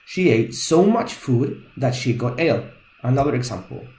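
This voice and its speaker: A man's voice: medium pitch, animated, moderate pace, darkish tone, roomy sound, rough recording. A man teaching an English grammar lesson, patiently explaining each point step by step.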